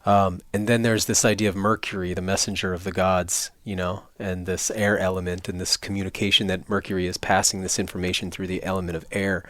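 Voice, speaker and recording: A man's voice: low-pitched, little pitch movement, a little fast, hardly any pauses, a bit bright, no echo. A man hosting a podcast, asking musing questions in a playful, casual way. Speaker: podcast host. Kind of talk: casual interview.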